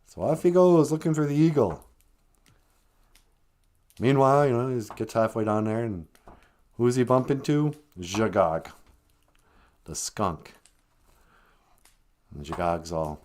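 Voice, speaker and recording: Guy telling a goofy animal story, chatty, lots of asides, average pitch. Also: big pitch swings, measured pace, pauses often, darkish tone. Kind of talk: casual comic storytelling.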